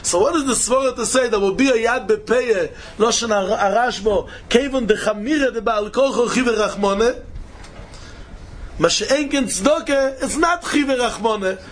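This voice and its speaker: A man's voice: extremely high pitch, normal speed. A man giving a Talmud study lecture, asking questions and repeating key points to press them. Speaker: Talmud teacher.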